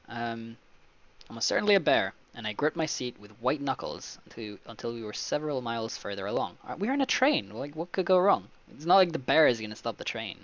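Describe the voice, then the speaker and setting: A man's voice: mid-range voice, creaky. Man reading a game aloud, slightly muffled mic. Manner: reads story passages then breaks off into joking, excitable asides. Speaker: let's play host. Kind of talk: casual gameplay commentary, reading game text aloud.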